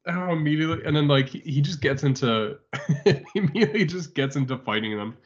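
A man's voice: a little high, lively intonation, brisk. A man in casual chat as a podcast co-host, laughing often and chiming in, with some cursing. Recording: slightly dull recording.

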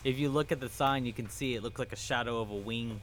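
A man's voice: medium pitch, quick pace, a bit bright. A man chatting casually about a movie, easygoing and full of "like". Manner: laid-back, hedges with "like" often. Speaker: podcast co-host. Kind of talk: casual chat.

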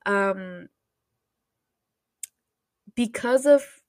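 A woman's voice: medium pitch, vocal fry, no echo, clean studio sound. A woman podcast host casually recapping a show's plot, rambling with lots of fillers and quoting characters as she goes. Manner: chatty, rambling, heavy on fillers like "like" and "you know"; retells scenes with quoted dialogue.

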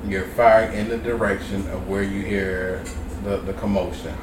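A man co-hosting a casual podcast, talking bluntly and profanely in drawn-out phrases. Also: deep voice, little pitch movement. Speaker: podcast co-host. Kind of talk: casual chat. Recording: roomy, distant mic with background noise.

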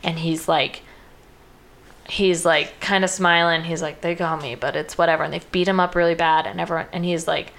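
A woman's voice: on the low side, steady tone, normal speed, vocal fry, a bit bright. A woman casually retelling a film's plot, peppering her speech with "like" and briefly acting out the characters' lines. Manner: chatty, uses lots of "like", acts out quoted lines.

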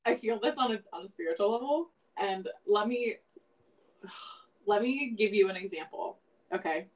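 A woman's voice: medium pitch, animated, normal speed, poor audio. A woman co-hosting a casual podcast, talking animatedly, laughing often and swearing. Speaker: podcast co-host.

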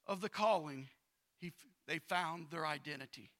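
A male pastor preaching a sermon. He reads scripture aloud, uses casual slang and repeats himself, and swings from loud bursts to quiet asides. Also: on the high side, moderate pace.

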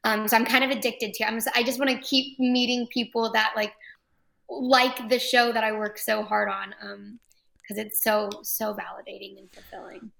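A woman from Texas, an actress guest chatting enthusiastically in an interview, with frequent quick restarts. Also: on the high side, flat delivery, gravelly, fairly bright tone. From Texas, USA. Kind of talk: casual interview chat.

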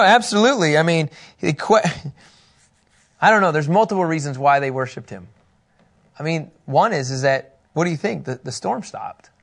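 A man teaching a casual Bible lesson in an animated way, often laughing. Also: on the high side, creaky. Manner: animated, laughing, acting out scripture quotes.

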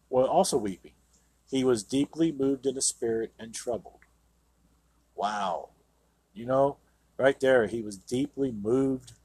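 A man's voice: medium pitch, mellow, husky, no room sound. A man hosting a Christian radio program, reading scripture aloud and commenting on it earnestly and emphatically. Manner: earnest, emphatic, with frequent "you know". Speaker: radio show host and Bible teacher. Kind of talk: Bible reading with sermon commentary.

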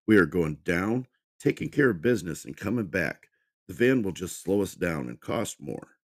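A man's voice: low voice, very animated, normal speed, heavily acted. A man voicing a rude, abusive, short-tempered young man who snaps and swears. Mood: snapping. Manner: snapping, shouting, swearing.

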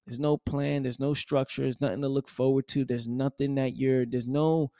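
Delivering an emphatic motivational monologue at normal speed, this man has a steady, mid-range voice with a dark tone. He repeats points and drops asides like "right?" and "man." The audio is dry and studio quality.

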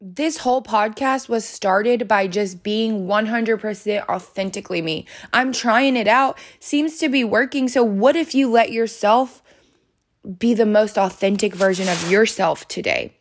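A woman's voice: medium pitch, measured pace. Earnest woman hosting a self-help podcast. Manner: earnest, encouraging, speaks directly to the listener. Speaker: podcast host. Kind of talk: self-help podcast talk, reading from a book.

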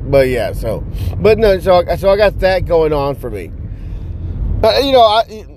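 A man with a somewhat high voice rambles outdoors at night, looping through fillers and restarts and swearing casually. Faint street and car noise sits behind him. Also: very animated, unhurried.

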